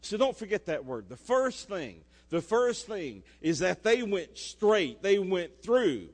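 Preacher in an echoey hall. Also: male voice, high-pitched, very animated, takes it slowly. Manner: dynamic, swinging between loud emphasis and soft asides. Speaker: pastor. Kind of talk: sermon. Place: church sanctuary.

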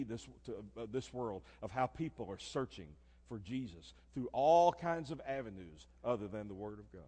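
An older man preaches a sermon, his voice sitting a little high for a man. He drops to quiet, low murmurs, then climbs to loud, emphatic declarations. The sound carries the long reverb of a church hall.

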